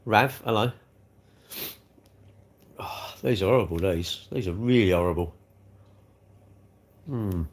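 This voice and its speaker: A man's voice: lowish voice, slow pace, long pauses. A man hosting a casual livestream, chatty and rambling, often chuckling as he talks. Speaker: livestream host. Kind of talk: casual live chat eating cake.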